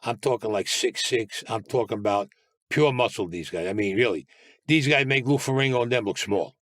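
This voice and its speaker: An older man with a New York Italian-American accent tells his life story as a guest, speaking bluntly, swearing, and acting out other people's voices in animated storytelling full of quoted dialogue. His mid-range voice is fairly bright and a little fast. The recording is dry and clean, with studio sound.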